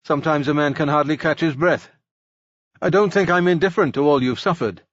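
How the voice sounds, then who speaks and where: Brief: male narrator plays a nervous, chatty old Baltic gentleman with a pettish laugh, lo-fi dry recording. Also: a little high, a little fast, no room sound, pitched above the performer's own voice, close to an everyday voice. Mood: nervous jolly. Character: jolly pettish old Baltic German man.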